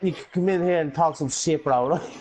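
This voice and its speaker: A man's voice: a little high, fairly quick, darkish tone, slight background noise. An Irish man in casual gaming voice chat, trading cocky, teasing banter over a headset. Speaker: game chat player.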